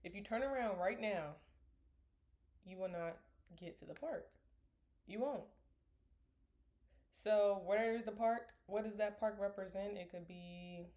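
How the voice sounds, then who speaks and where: A young woman vlogging to camera in an earnest, rambling way, stopping to sip a smoothie and sometimes dropping to a whisper. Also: mid-range voice, darkish tone. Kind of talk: casual motivational talk to camera.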